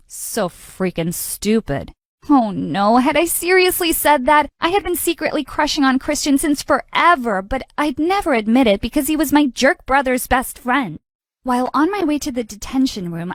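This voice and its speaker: A woman telling a first-person animated story in a dramatic, expressive narration. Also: high voice, no room sound, clean studio sound. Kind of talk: scripted narration.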